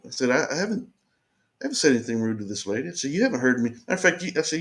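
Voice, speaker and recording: A man's voice: medium pitch, very animated, rapid-fire, a bit bright. A man earnestly recounting a confrontation in the first person, insistent and repeating himself as he explains.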